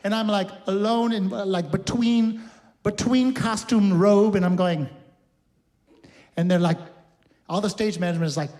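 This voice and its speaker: In a recording studio, a man hosts a live cabaret show, speaking at normal speed in a high, steady, darkish voice with long pauses. This singer and host tells campy, chatty stories between numbers, laughing often.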